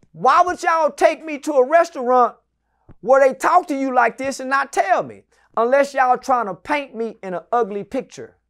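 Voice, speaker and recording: A man in his forties telling stories as an interview guest, loud and profane, often shouting and then dropping into low muttered asides. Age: 40s. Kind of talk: animated storytelling in an interview.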